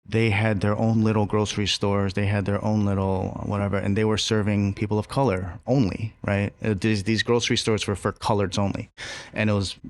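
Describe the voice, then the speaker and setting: A man who is a chef talks casually in a podcast interview. His voice is fairly low and dry, and he rambles through his thoughts with plenty of fillers and casual swearing. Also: level tone, fairly quick, dry recording. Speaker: chef and restaurant co-owner.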